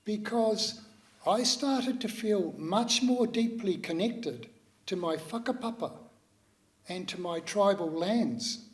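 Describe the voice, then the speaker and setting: Older New Zealand man, public speaker, thoughtful and halting, pitched a little high. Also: animated. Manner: measured, reflective, with many pauses and hesitations. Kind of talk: personal talk to an audience.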